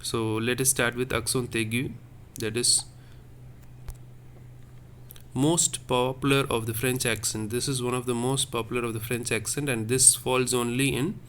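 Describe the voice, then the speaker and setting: Male language teacher, slow and repetitive, mid pitch, faint room noise. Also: fairly even intonation, a bit bright. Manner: slow, repetitive, checks with "okay?". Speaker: French teacher. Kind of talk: classroom lesson.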